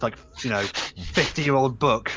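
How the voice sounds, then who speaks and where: A man's voice: medium pitch, unhurried, sharp tone. A young man running a tabletop game as game master, describing scenes casually with frequent restarts.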